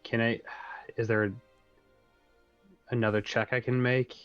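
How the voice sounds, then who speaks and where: A man's voice: medium pitch, little pitch movement, a little slow, clear, resonant tone, dry recording, highs cut off, faint music behind. A man playing a tabletop game, hesitant and thinking aloud with many fillers. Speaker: player. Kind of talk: tabletop role-play chat.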